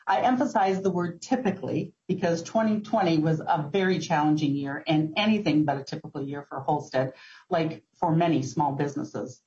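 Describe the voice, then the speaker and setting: A woman giving formal testimony to a committee as a business owner, speaking in an earnest, measured way with occasional ums. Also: low-pitched, darkish tone. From Minnesota. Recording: muffled lo-fi hearing audio.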